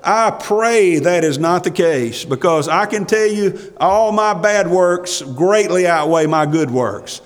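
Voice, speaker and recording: A male pastor preaching a sermon, reading scripture in old-fashioned wording and rising to emphatic passages before dropping quiet. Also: sits high, animated, slow pace, few pauses. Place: church sanctuary. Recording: long hall reverb from a church.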